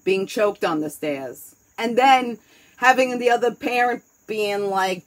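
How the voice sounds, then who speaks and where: A woman with a New York accent hosts a casual chat, candid and rambling, swearing freely. She speaks unhurriedly in a medium-pitched voice, and the recording is rough.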